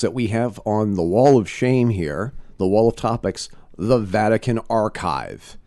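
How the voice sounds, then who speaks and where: A man's voice: lowish voice, animated, measured pace, hardly any pauses, mellow, no room sound, studio quality. A man co-hosting a podcast, chatty with frequent fillers. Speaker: podcast co-host. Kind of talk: casual podcast chat.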